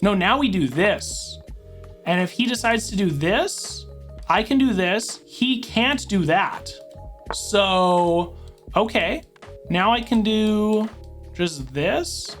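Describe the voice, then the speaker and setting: Slow-talking woman narrating her chess moves. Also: mid-range voice, lively intonation, faint music behind. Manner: thinks aloud move by move, with dramatic outbursts. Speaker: chess streamer. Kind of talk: live commentary while playing online chess.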